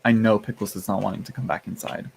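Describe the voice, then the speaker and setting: A tarot streamer with a lowish, steady voice talks fast with vocal fry over heavy background noise. Tired, he rambles casually on his live stream, full of fillers and restarts, yawning now and then. He's playfully sassy with his chat, calling them y'all and honey.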